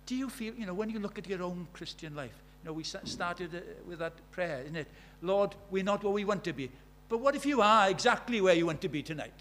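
A man with a South Welsh accent preaching a sermon, earnest, moving from loud emphasis to hushed storytelling. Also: high voice, expressive, fast talker, hardly any pauses, slight background noise. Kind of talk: sermon with personal stories.

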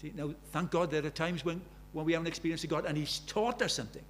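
A man's voice: fairly high pitch, quick pace, slight background noise. A man in his seventies preaching a sermon, pressing his congregation with earnest rhetorical questions. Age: 70s. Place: church.

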